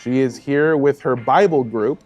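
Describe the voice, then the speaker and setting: A man's voice: mid-range voice, a little slow, a little mellow, muffled recording. A man narrating as game master of a tabletop role-playing game, laughing often and putting on voices for side characters.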